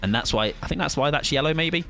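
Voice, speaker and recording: A man's voice: fairly high pitch, lively intonation, quick pace, fairly bright tone, a little hiss or hum. A man streaming a game, chatting casually to his viewers, rambling and joking with casual swearing. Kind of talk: casual live-stream chat during gameplay.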